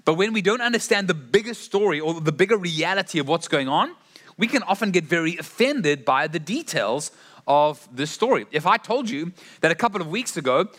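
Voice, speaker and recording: A man's voice: a little high, lively intonation, brisk, a bit bright. A man preaching a sermon in an earnest storytelling way, often restarting his phrases.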